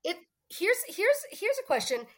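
A woman co-hosting a podcast in casual chat, talking fast and loosely, often slipping into quoted movie lines. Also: extremely high pitch, sing-song. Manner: chatty, quotes movie lines in put-on voices. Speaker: podcast co-host.

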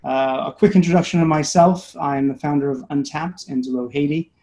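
A man with a dark, mellow voice speaks in a measured way on a video call. He introduces himself and hands the floor to the others, with fillers between his phrases. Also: fairly high pitch, fairly even intonation. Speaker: panel host and angel investor.

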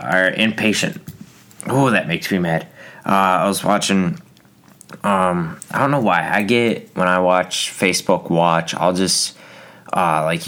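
A man's voice: deep voice, fairly bright tone. A young man hosting a solo podcast, rambling through a casual rant with lots of fillers and restarts. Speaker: podcast host.

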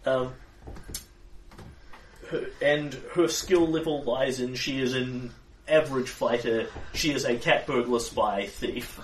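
A man's voice: mid-range voice, takes it slowly. A man running a tabletop game as game master, explaining characters and rules at length with frequent laughs. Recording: roomy, distant mic with faint noise.

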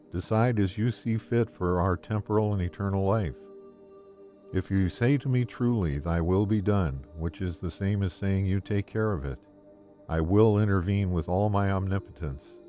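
A man reading a devotional text aloud in the first person, in a calm, gentle and measured way. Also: low voice, faint music behind. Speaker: devotional reader.

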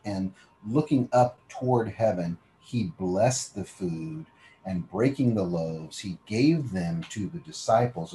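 A man preaching a Bible teaching sermon. He reads scripture slowly, then explains it in plain conversational talk and invites listeners to picture themselves in the story. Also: sits low, dark tone, a little hiss or hum, rough recording.

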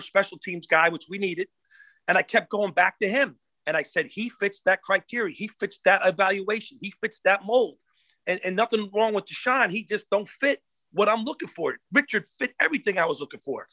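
A high, bright male voice moves at a quick clip. He is a middle-aged former football coach spinning animated stories as a podcast guest. The sound is close and dry. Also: no room sound. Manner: animated storyteller who acts out the people he quotes. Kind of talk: casual storytelling in a podcast interview.

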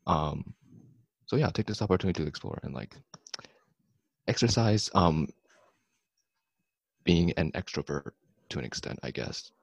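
Deep gravelly husky young man. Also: normal speed, long pauses, no room sound. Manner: relaxed, giving advice with fillers. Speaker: podcast co-host. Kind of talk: casual podcast chat.

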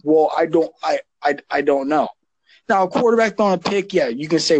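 A man's voice: fairly high pitch, lively intonation, a little fast, slightly rough, no echo, poor audio. A man who coaches youth football, talking casually and emphatically on a podcast, often repeating words as he gets going.

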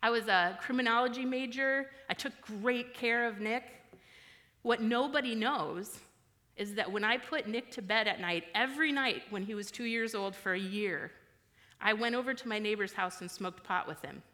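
A woman's voice: on the high side, normal speed, pushed and bright, in a large hall. A woman giving a candid personal sermon in a frank, conversational, self-deprecating way. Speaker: church speaker.

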